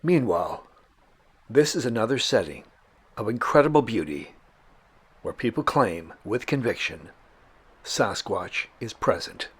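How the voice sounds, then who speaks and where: A man hosting and narrating a documentary-style outdoor show in a measured, dramatic storyteller manner. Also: on the low side, very animated, husky. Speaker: host.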